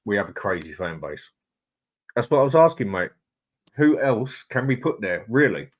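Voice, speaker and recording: Deep-voiced casual man. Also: big pitch swings, moderate pace, dull audio. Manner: chatty, reads out viewer comments, swears. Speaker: host. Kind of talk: casual live-stream chat.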